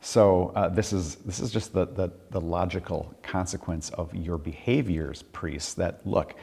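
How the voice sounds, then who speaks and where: A man with a very deep voice talks through a sermon in a relaxed, reflective way. He stops and repeats words often as he thinks. His voice carries a long reverb, as if in a hall. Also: measured pace, creaky, husky. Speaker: church leader discussing a sermon. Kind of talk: casual midweek conversation.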